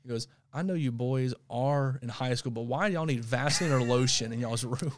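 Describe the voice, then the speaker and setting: A man co-hosting a podcast, telling a story in casual chat, animated, laughing often and stumbling over repeated words. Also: medium pitch, brisk. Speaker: podcast co-host.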